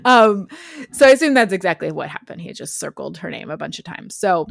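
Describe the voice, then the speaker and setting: A woman's voice: on the low side, animated, fairly quick, creaky, dry recording, studio quality. A woman hosting a podcast, casually telling a true crime story with frequent fillers and laughs. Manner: chatty, laughs often, lots of "like" fillers.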